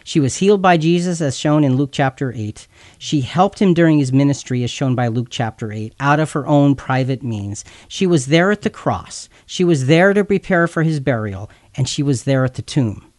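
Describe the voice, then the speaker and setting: A man's voice: mid-range voice, animated, moderate pace, a little mellow, no room sound, studio quality. A man teaching a Bible passage in an earnest, explanatory way, sometimes stumbling and repeating words. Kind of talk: explanatory scripture talk.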